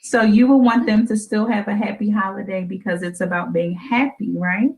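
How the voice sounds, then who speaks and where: A woman hosting a radio show, chatting gently and playfully with her young daughter and teasing her with questions. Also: medium pitch, steady tone, normal speed, poor audio.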